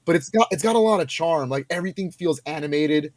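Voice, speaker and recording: A man's voice: fairly high pitch, dry recording, clean studio sound. A young man co-hosting a podcast, talking casually and with lots of energy, his speech full of fillers and laughs. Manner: animated, lots of filler words and quick laughs. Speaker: podcast co-host. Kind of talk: casual chat.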